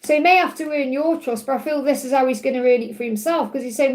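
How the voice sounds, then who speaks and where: Woman, live-stream card reader, high voice, gentle and reassuring, repetitive phrasing. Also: fast talker, few pauses. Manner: soothing, reassuring, repeats key phrases. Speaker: tarot reader hosting a live Q&A.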